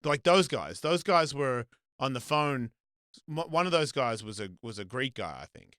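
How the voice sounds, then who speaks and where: A middle-aged man with an Australian accent hosts a loose, profane chat, starting and restarting his sentences. His voice sits at an ordinary pitch, close and dry with no room sound. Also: animated, moderate pace, fairly bright tone, no room sound. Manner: rambling, profane, lots of restarts. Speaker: host. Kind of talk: casual chat.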